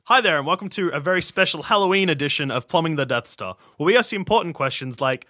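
A man's voice: on the high side, expressive, fast talker, sharp tone, no room sound, studio quality. A man hosting a podcast, who keeps fumbling the intro between laughs and swearing. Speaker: podcast host reading the intro. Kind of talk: casual chat, repeated intro takes.

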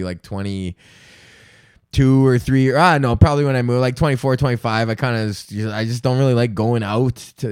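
A man's voice: mid-range voice, smooth, dry recording, clean studio sound. A young man hosting a comedy podcast, ranting casually with lots of swearing and laughter. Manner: profane, laughing, jumps into silly mock British voices. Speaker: podcast host.

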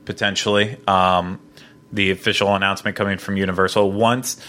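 A man hosts a relaxed podcast conversation, his voice somewhat low but bright and forward. He talks with eager enthusiasm, circling back on his words and restarting sentences as he goes. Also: fairly quick. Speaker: podcast host. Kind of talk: casual podcast chat.

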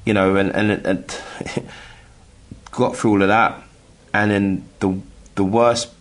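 A middle-aged man from England telling a personal story in casual chat, halting with many restarts and acting out the voices he quotes. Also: fairly low pitch, flat delivery. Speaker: guest telling his story.

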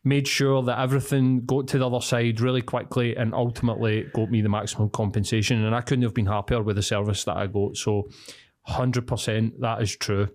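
A man's voice: medium pitch, level tone, brisk, a little mellow. A Scottish man co-hosting a podcast, chatting and loosely ad-libbing a sponsor read, laughing easily. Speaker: podcast co-host. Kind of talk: casual chat and read sponsor ad.

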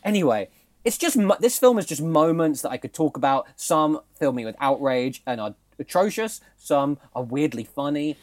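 A man's voice: a little high, normal speed. A young man, co-host of a casual podcast, animatedly recounting a film plot with laughs and swearing. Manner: animated, laughing, swearing, acts out quoted lines.

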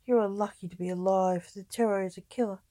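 A woman's voice: medium pitch, fairly even intonation, fast, warm tone, no echo, close to an everyday voice. A woman voicing a male king in an audio storybook, speaking in a raised, questioning tone. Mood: curious. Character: adult male king, curious and blunt.

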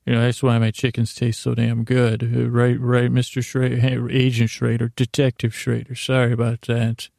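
Brief: sleep-podcast host, a man from upstate New York, gravelly and mellow, rambling with fillers. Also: medium pitch, completely flat delivery, moderate pace, few pauses, no echo, studio quality. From Syracuse, New York, US. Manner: rambling, full of fillers and restarts. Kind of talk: meandering bedtime storytelling.

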